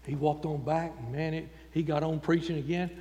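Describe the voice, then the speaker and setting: A man's voice: fairly high pitch, fairly even intonation, a little fast, mellow. A man preaching a folksy, emphatic sermon in a church. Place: church sanctuary. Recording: long church reverb.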